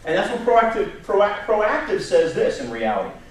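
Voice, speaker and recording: A man, giving an animated talk at a staff workshop, telling stories and repeating words as he goes. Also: high-pitched, moderate pace. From New York area. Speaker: job search presenter. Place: meeting room. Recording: echoey room from far off, faint noise.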